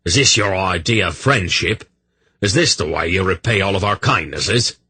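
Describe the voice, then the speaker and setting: A man voicing a betrayed smith who speaks in a dreadfully quiet, cold voice. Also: low-pitched, animated, normal speed, slightly rough, no room sound, exaggerated voice. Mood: quietly furious. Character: angry, betrayed male smith.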